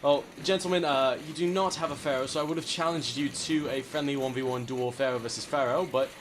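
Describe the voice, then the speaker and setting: A man from California voicing an overly polite, old-fashioned male gentleman duelist, formal and courtly in game voice chat. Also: mid-range voice, steady tone, brisk, noisy background, lightly acted. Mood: courtly, boisterous. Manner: formal, courtly, keeps saying good sir. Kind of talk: in-game voice chat role-play.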